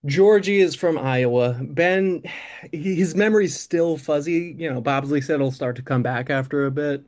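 A man's voice: fairly high pitch, moderate pace, a little mellow. A man improvising a comic story in a rambling, filler-heavy way.

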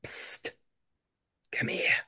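A man's voice: drawn-out words, bright, forceful tone, full character voice. A man doing a shady whispering inn lurker. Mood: secretive.

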